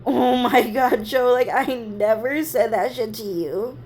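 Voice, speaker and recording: A woman's voice: a little high, unhurried, darkish tone, a little hiss or hum, voice pushed up, close to an everyday voice. A woman voicing her adult older sister, tearful and pleading as she insists on her denials.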